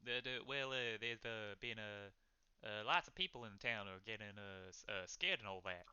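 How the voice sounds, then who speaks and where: A man voicing a nervous male innkeeper who stammers and fills every pause with uh, on a slightly dull lo-fi recording. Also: fairly low pitch, sharp tone, clean tone, dry recording. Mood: uneasy. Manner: hesitant, full of uh fillers.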